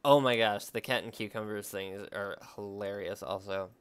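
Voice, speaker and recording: At a normal speed, a young man with a smooth, lowish voice talks casually as he draws for his vlog, with no room sound. He rambles in a relaxed manner, thinking out loud.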